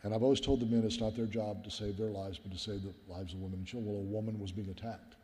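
Brief Low-voiced middle-aged male pastor, echoing hall. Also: little pitch movement, fast talker, warm tone. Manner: earnest, personal, often addresses listeners as guys. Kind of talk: sermon storytelling. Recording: long hall reverb.

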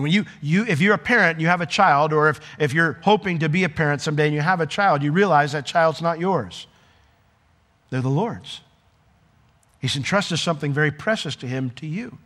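A man preaching a sermon in a conversational, animated way, with asides to the congregation. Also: a little high, big-room sound. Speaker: pastor.

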